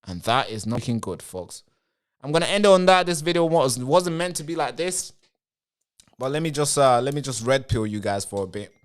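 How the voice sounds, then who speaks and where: A man's voice: mid-range voice, expressive, moderate pace. A man hosting a live stream, talking straight to his viewers in a rambling way and answering chat comments. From Britain.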